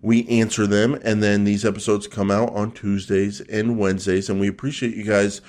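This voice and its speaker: A man's voice: lowish voice, level tone, normal speed, a little mellow. A man hosting a podcast in casual chat, teasing his co-host and joking around. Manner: joking, teasing, loose and chatty.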